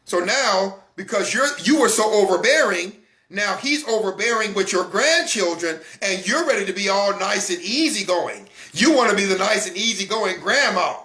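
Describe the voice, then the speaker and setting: A man's voice: high voice, normal speed. A man hosting a Christian broadcast, talking in an emphatic, intense way and hammering the same phrases over and over. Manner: intense, refuses to calm down. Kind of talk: impassioned broadcast talk. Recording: echoey room.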